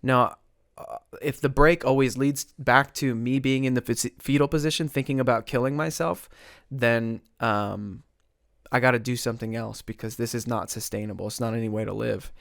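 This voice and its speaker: A young man telling his recovery story as a podcast guest, earnest and halting, with many restarts. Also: mid-range voice, steady tone, creaky, fairly bright tone, dry recording, studio quality.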